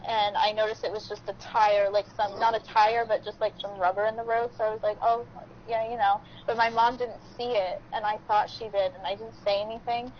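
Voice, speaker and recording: A woman's voice: medium pitch, little pitch movement, brisk, a little hiss or hum. Chatty woman on a lo-fi podcast. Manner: chatty, heavy on "like". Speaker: podcast co-host. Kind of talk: casual storytelling chat. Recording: dull lo-fi podcast audio.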